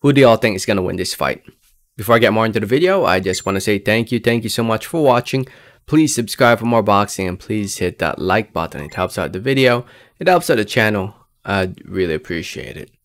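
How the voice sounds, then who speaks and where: A man's voice: fairly low pitch, expressive, fairly quick. A man talking casually to his viewers about who will win an upcoming boxing fight, hedging often with fillers like "um" and "I think.". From Philippines or United States. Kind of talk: casual prediction vlog.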